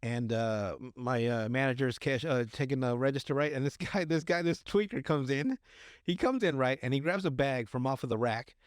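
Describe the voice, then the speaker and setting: A man hosting a podcast tells a story in a mid-range voice at a moderate pace, recorded dry with studio quality. The chat is casual and crude, full of fillers and restarts.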